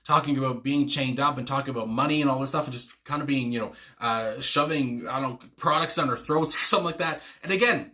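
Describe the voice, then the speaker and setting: A man with a bright, tense timbre gives loose reaction commentary on a track. He rambles excitedly, piling on fillers, swearing and little chuckles as he goes. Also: mid-range voice, fast talker, few pauses. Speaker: music reaction channel host.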